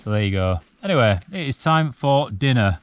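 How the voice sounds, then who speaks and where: A man in his forties from the UK chats casually to camera while camping alone on a cold mountain at night, in a relaxed, reflective way with the odd chuckle. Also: medium pitch, normal speed. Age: 40s. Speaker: solo wild camping vlogger.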